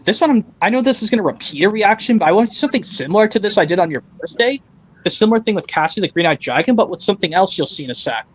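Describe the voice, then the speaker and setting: A man hosting a casual online stream chat, talking haltingly with frequent restarts over a voice call. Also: high voice, rough recording. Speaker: stream host.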